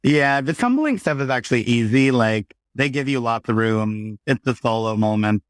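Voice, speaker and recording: A man in his thirties, a podcast guest, telling lively stories in casual talk and acting out the quotes. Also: medium pitch, moderate pace, no echo, clean studio sound. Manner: animated storyteller, acts out quotes. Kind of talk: casual conversation.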